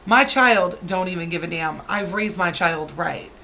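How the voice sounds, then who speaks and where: A woman's voice: lowish voice, measured pace, sharp tone, a little hiss or hum, poor audio. A woman in her thirties, a parent, ranting to camera with exasperated, scolding rhetorical questions. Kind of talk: heated rant to camera.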